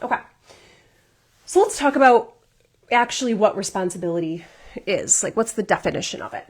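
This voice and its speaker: A woman's voice: mid-range voice, expressive, moderate pace. A woman life coach giving a workshop talk, earnest and encouraging, often checking in with "right?" as she goes.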